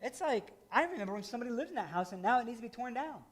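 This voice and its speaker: A middle-aged man from rural Indiana preaches in a relaxed, conversational way, full of folksy asides. His voice sits notably high for a man. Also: racing. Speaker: pastor. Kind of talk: sermon.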